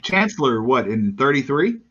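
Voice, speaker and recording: A man's voice: medium pitch, very animated, moderate pace, sharp tone. A male podcast host asking curious, laid-back questions in casual chat. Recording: dull lo-fi sound.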